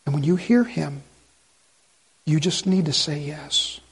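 Husky-voiced preacher man, high and impassioned. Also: slow. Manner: impassioned, swinging between loud urgency and hushed pleading. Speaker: pastor. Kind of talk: sermon.

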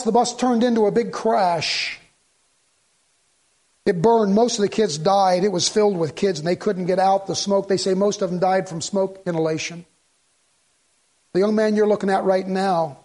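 A middle-aged pastor preaching a sermon in a church sanctuary. His voice sits fairly high for a man. He tells the story as he goes, slips into the voices of its characters, and often repeats or restarts his words. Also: moderate pace, long pauses, a little mellow.

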